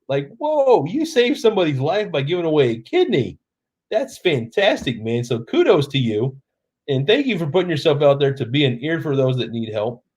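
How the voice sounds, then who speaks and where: The voice is a little high with a darkish tone, belonging to a middle-aged Oklahoma man with a Southern accent. A bit tipsy from drinking, he reads viewer comments aloud on a casual late-night stream he hosts from home.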